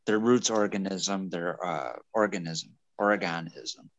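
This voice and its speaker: A man's voice: low voice, heavy background noise. A man on an online group call, talking casually and insistently defending his growing methods while listing products. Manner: insistent, defensive, lists items quickly. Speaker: livestream co-host, grower.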